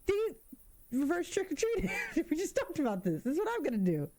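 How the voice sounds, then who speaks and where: Lively, jumpy woman gamer. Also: high-pitched, fairly quick. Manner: animated, jokey, easily spooked. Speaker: gaming streamer. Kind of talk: let's-play commentary.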